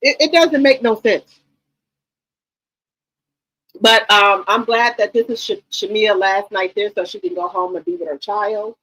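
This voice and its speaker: A woman's voice: mid-range voice, unhurried, long pauses, fairly bright tone, low-quality recording. A woman giving blunt, profane commentary on a reality show, questioning everything on a casual livestream.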